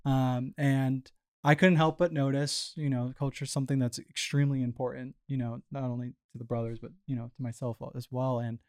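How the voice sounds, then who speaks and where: Man, mid-pitch, smooth clear tone; loose conversational guest telling a work story, filler-heavy. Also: brisk. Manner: relaxed, filler-heavy, frequent restarts and "you know". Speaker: startup founder guest.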